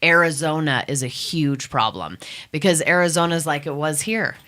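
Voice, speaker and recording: The guest on this radio talk show, a woman who heads a cannabis testing lab, has a deep, slightly bright voice and talks at normal speed. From the studio she tells her story with emphasis and indignation, voicing the people she quotes.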